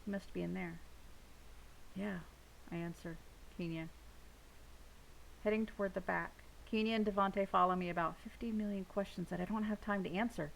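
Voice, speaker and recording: Gravelly woman reading a novel aloud. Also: mid-range voice, a little fast, slight background noise, low-quality recording. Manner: steady first-person narration. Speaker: audiobook reader.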